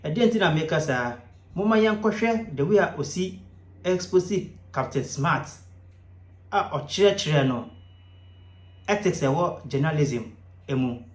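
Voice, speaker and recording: Guy hosting his channel, calm explaining voice, echoey room. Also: fairly high pitch, slow pace, long pauses. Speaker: channel host. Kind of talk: commentary narration. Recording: roomy echo.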